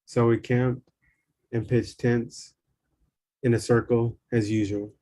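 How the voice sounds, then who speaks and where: Man, slow memoir reading, calm measured delivery, flat pitch, dark mellow tone. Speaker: reader.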